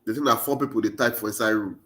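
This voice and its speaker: A man's voice: lowish voice, fast talker, a bit bright. Nigerian-accented man urging voters. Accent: Nigerian Pidgin English. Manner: urgent, exhorting with repeated rallying phrases. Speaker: political commentator. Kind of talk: impassioned political monologue.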